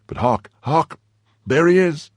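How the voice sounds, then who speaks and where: A man's voice: fairly high pitch, lively intonation, slow, dry recording, voice pushed up. A man doing a plaintive, anxious innkeeper. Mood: complaining. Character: anxious middle-aged male innkeeper, complaining.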